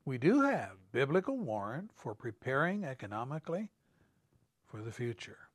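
A man preaching a sermon as pastor, slow and deliberate, rising on emphatic words. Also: medium pitch, big pitch swings, no room sound.

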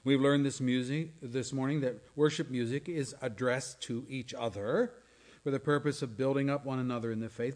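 A man's voice: mid-range voice, steady tone, normal speed, darkish tone. A male pastor preaching a sermon, earnest and questioning, sometimes dropping to a near-whisper for emphasis.

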